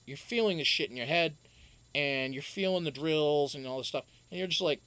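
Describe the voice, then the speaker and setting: A man's voice: on the high side, normal speed, fairly bright tone, no room sound. A man hosting a live stream, telling a rambling, profane story and answering chat casually. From Wisconsin.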